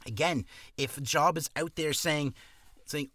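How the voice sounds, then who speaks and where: A man's voice: fairly high pitch, moderate pace, a bit bright, no echo. A man giving casual career advice on a vlog, rambling with restarts and coughing now and then from acid reflux.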